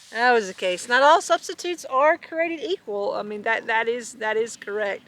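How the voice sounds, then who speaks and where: Woman reading a kids story, high lively voice, bright, chuckly asides. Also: measured pace, slight background noise. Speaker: storybook reader. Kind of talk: children's storybook read-aloud.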